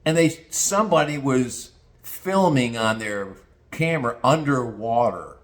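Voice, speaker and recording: A man's voice: mid-range voice, animated, a little slow. An older retired man ranting crudely and mockingly in a casual monologue, telling stories and slipping into put-on voices. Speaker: vlogger. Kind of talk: casual rant.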